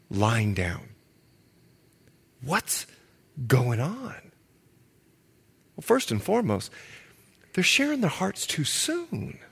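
Animated, joking male preacher. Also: medium pitch, breathy edge. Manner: animated, jokey, acts out quotes. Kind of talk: sermon.

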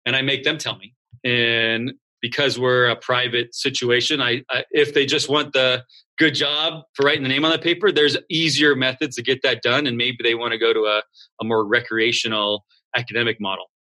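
A man who founded a school, talking in a relaxed interview and acting out students and coaches in quick voices. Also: medium pitch. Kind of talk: casual interview talk.

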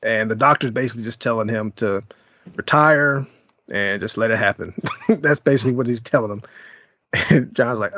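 A man's voice: mid-range voice, a little fast, a bit bright, no room sound, lo-fi sound. A man hosting a podcast, giving a laid-back, chuckling movie review and recapping the plot. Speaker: podcast host.

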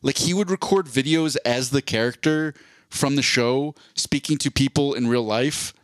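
A man's voice: medium pitch, moderate pace, dry recording, clean studio sound. A man co-hosting a casual podcast chat, rambling and restarting as he explains things at length. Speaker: podcast co-host.

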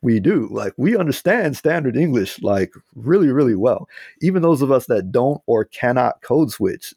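A man's voice: mid-range voice, sing-song, moderate pace, dark tone, husky, no echo, studio quality. An American man talking casually as a podcast guest, loose and chatty with lots of fillers. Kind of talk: casual interview talk.

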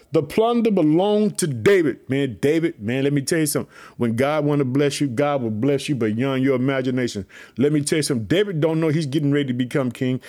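A man hosting a podcast, giving animated, preachy commentary on a Bible passage with lots of repeated catchphrases. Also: mid-range voice, brisk. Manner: energetic, preachy, repeats "let me tell you something". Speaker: podcast host.

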